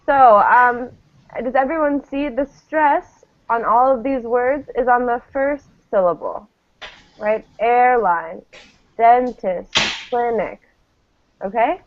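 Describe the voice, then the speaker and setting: A woman teacher leads a classroom pronunciation drill in a slow, patient way. Her voice sits fairly high. The recording is thin and phone-like. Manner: patient, models each word clearly. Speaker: English teacher.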